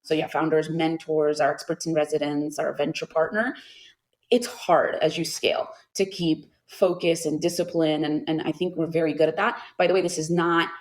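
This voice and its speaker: A middle-aged woman answering interview questions as a venture investor, animated, with lots of fillers and asides. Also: sits low, moderate pace, rough recording. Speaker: venture capital investor guest.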